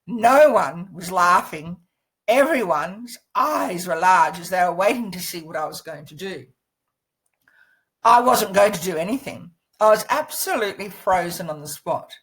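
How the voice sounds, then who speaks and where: A woman presenting a course lesson, telling a personal story in a lively way and encouraging the listener, speaking seated into a laptop microphone. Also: fairly low pitch, measured pace, low-quality recording.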